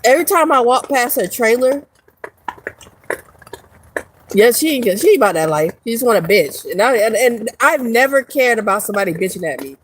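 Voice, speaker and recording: A woman's voice: fairly high pitch, big pitch swings, fast, few pauses, slight background noise, low-quality recording. A woman vlogger ranting casually to her viewers, profane and rambling, laughing often. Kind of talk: casual rant to camera.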